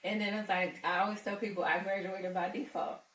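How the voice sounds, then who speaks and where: Bright-voiced woman guest from Philadelphia. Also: medium pitch, steady tone, a little fast. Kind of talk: casual chat. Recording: roomy sound from a distant mic.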